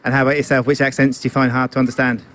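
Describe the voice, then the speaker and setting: Fast-talking street reporter outdoors. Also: male voice, medium pitch, little pitch movement, fairly bright tone. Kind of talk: vox pop questions. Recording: faint outdoor noise.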